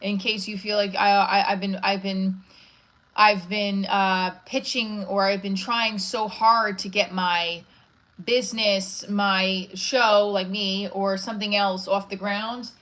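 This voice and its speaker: Woman, livestream host, casual chat, rambling, frequent restarts, medium pitch. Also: little pitch movement, slow, a bit bright, rough recording. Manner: rambling, restarts often, reads chat aloud. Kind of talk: casual live-stream chat.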